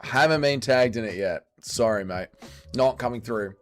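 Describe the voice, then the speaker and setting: A man's voice: medium pitch, normal speed, faint music behind. A man with an Australian accent hosting a casual livestream, reading chat comments aloud and answering them in a blunt, crude, bantering way.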